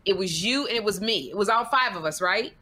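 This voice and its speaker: A woman co-hosting a talk show in casual, animated chat, often laughing. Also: medium pitch. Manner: animated, chatty, quick to laugh. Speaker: co-host.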